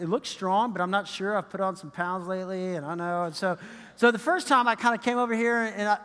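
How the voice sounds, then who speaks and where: A man preaching a sermon as pastor, animated and acting out the people he quotes. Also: high voice, big-room sound. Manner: animated, acts out quoted voices, chuckles.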